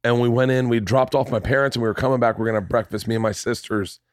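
A man in his forties telling loose, swearing stories as a podcast host, and he slips into other people's voices as he goes. His voice sits at an ordinary pitch for a man. The sound is dry and close to the mic, with no room on it. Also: racing, dry recording. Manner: animated storyteller, swears freely, acts out voices. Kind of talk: casual storytelling chat.

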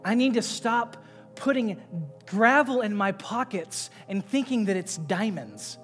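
A male pastor preaching a sermon, swinging between loud, emphatic passages and quiet, low asides. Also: animated, measured pace. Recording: long reverb with faint music behind.

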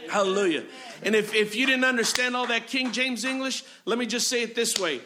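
A man's voice: very high-pitched, fairly quick, noisy background. A man preaching a sermon as pastor, driving his points with repeated phrases and frequent amens and hallelujahs. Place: church sanctuary.

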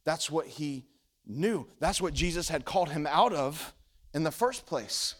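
A man preaching a sermon as pastor, telling the story with animated delivery and acting out the quoted voices. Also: a little high, a little slow.

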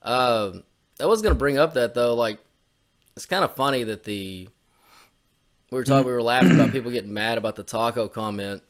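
A man's voice: medium pitch, animated, fairly quick. A young man co-hosting a podcast, tossing out blunt, dry one-liners and heavy swearing. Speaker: podcast co-host. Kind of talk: crude comedic podcast banter.

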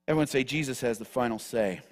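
A male pastor preaching a sermon with passion, moving from loud declarations to hushed, near-whispered appeals. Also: mid-range voice, quick pace, big-room sound.

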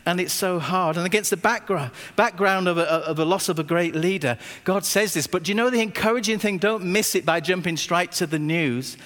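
A man, a pastor preaching a sermon with stories and emphatic repetition, slowing down when he quotes scripture. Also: high voice, fairly bright tone. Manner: anecdotal, emphatic, slows down on scripture. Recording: long reverb of a hall.

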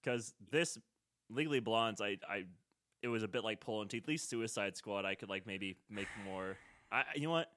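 A man's voice: lowish voice, moderate pace, fairly bright tone. A young man co-hosting a casual movie podcast, making dry jokes. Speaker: podcast co-host.

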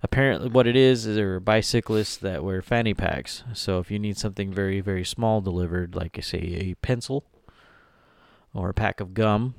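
A man's voice: sits low, normal speed, gravelly, no room sound. A man co-hosting a podcast, reading news stories aloud and joking between them in casual chat. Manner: jokey, reads headlines aloud with asides. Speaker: podcast co-host.

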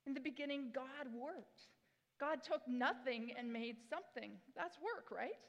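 A woman's voice: high voice, measured pace, muffled recording. A woman in her forties giving a sermon as pastor, chatty and self-deprecating, with bursts of enthusiasm. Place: church sanctuary. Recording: long hall reverb in a church.

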